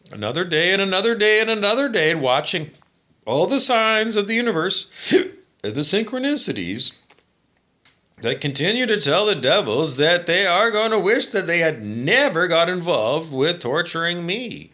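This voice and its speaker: A man's voice: on the high side, big pitch swings, moderate pace, sharp tone, muffled recording. A man talking straight to his viewers in a monologue, ranting, swearing and asking questions he answers himself. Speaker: vlogger. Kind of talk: direct-to-camera monologue.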